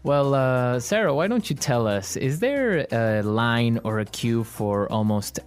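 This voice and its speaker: A man's voice: medium pitch, measured pace, faint music behind. A man hosting an English lesson podcast, chatting casually and joking. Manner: relaxed, joking, conversational. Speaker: podcast host.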